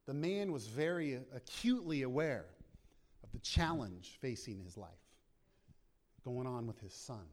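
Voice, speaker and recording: A man's voice: mid-range voice, expressive, a little slow. A man preaching a sermon with passion, acting out prayers aloud as he speaks. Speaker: pastor.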